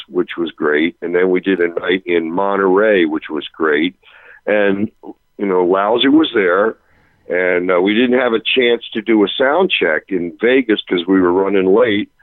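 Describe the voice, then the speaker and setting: A man, a touring rock musician, telling an animated anecdote on a radio interview, breaking off and restarting as he goes. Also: low voice, a little slow, no echo, narrow, tinny audio. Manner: animated, self-interrupting, chuckling storyteller.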